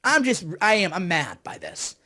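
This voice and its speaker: A man's voice: high-pitched, wildly swooping pitch, normal speed, sharp tone. A man commenting on politics on a live stream, heated and sarcastic, often repeating himself.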